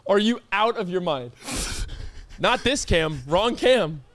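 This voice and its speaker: A young man co-hosting a podcast, telling a story with exasperated, animated mock outrage in casual chat. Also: sits high, slow pace, no echo. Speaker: podcast co-host.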